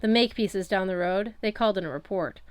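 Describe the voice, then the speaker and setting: A woman's voice: medium pitch, lively intonation, moderate pace, creaky, fairly bright tone, no room sound. A woman voicing a cold, disdainful male elf police officer who growls his lines with condescension and old-fashioned aristocratic speech. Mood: sneering.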